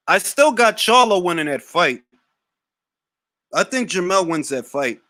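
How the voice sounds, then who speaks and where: Male boxing show host, high-pitched and very expressive, blunt and slangy, reads out chat comments. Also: measured pace, long pauses, no room sound. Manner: animated, blunt, slangy, swears. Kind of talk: live Q&A reading chat comments.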